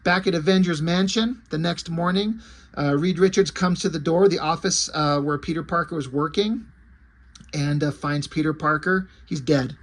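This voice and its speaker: Man recapping a comic, slightly high voice. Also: moderate pace. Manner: rambling and conversational, with asides and fillers. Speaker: comic book reviewer. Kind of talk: casual story recap.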